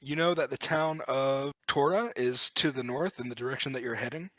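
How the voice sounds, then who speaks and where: A man narrating as game master in a casual tabletop game, relaxed and dropping frequent "uh" fillers. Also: mid-range voice, moderate pace, no echo.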